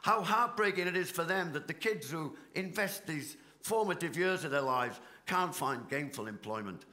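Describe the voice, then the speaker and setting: A man's voice: a little high, animated, normal speed, bright, forceful tone. A middle-aged man from Britain speaking in a panel debate, a union leader who talks passionately and builds his points with rhetorical repetition on a conference stage. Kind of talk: impassioned panel debate speech.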